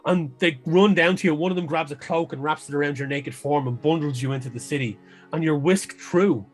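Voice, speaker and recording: A man's voice: a little high, a little fast, faint music behind. A man narrating a tabletop game as game master, describing scenes at length and sometimes restarting phrases.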